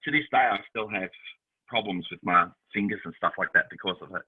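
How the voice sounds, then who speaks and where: On a casual podcast, a co-host with a fairly low, husky voice speaks fairly quickly, acting out quoted voices as he tells lively stories. His audio sounds tinny, like a phone line.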